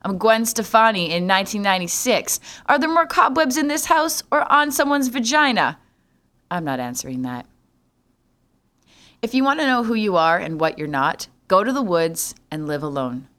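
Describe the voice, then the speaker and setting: A woman's voice: medium pitch, sing-song, moderate pace, a bit bright. A young adult woman from Canada hosting a solo podcast, talking in a sarcastic, jokey way and swearing freely. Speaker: podcast host.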